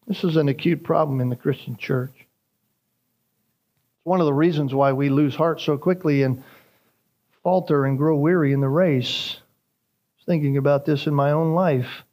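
A man preaching a sermon, emphatic and rising in pitch on key phrases. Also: fairly even intonation, moderate pace, pauses often, a little mellow. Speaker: pastor.

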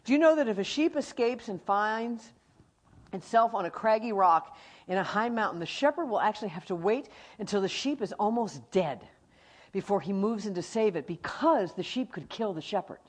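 Animated, husky-voiced woman Bible teacher. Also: medium pitch, normal speed. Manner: animated storyteller, acts out animals and friends.

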